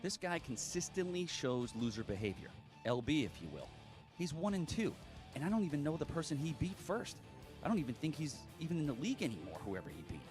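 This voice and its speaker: A man's voice: on the high side, sing-song, brisk, music in the background. A man cutting a smug, dismissive trash-talk promo against his opponent. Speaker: competitor.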